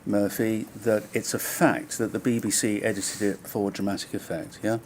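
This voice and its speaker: Brief: low-voiced male barrister, formal, pressing questions, faint room hiss. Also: level tone, a little mellow. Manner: measured, probing, pressing follow-up questions. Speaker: inquiry counsel questioning a witness. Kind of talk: formal cross-examination. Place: public inquiry hearing room.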